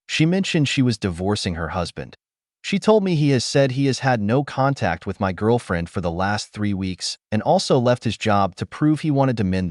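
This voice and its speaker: A man with a fairly low voice reads a first-person story as scripted narration. His intonation rises and falls in a lively way, and he keeps a steady, even pace. The recording is dry and close, with no room sound. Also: dry recording.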